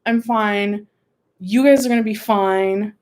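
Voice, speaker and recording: A woman's voice: mid-range voice, fairly even intonation, slow pace, darkish tone. A woman hosting an emotional home livestream, rambling and frustrated, close to tears, talking into a computer mic. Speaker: livestream host. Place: home room.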